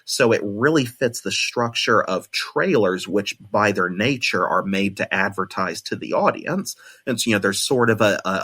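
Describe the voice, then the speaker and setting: A young man hosting a solo podcast, thinking out loud and often restarting with repeated words. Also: lowish voice, breathy edge. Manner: analytical, thoughtful, repeats words when restarting. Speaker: podcast host.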